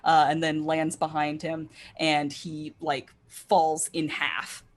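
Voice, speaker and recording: A woman's voice: sits low, monotone, slow. A woman playing in a tabletop game, describing her character's actions in a hesitant way with many fillers. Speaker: player. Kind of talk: casual tabletop game play.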